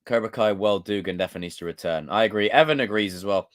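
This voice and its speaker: A man hosting a livestream, reading viewer comments aloud in a loose, excitable, joking way with some swearing. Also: fairly low pitch, very fast, hardly any pauses. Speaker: livestream host.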